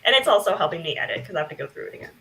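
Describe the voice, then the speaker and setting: A woman's voice: lowish voice, animated, racing, pushed and bright, a little hiss or hum, low-quality recording. A woman co-hosting a writing stream, chatting casually about her editing with many fillers. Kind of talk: casual chat.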